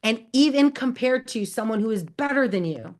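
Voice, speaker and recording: A woman's voice: fairly high pitch, moderate pace. A woman hosting a Q&A, giving upbeat, encouraging advice straight to her audience and calling out to them. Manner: energetic, encouraging, calls out to the audience. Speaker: host. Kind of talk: Q&A advice talk.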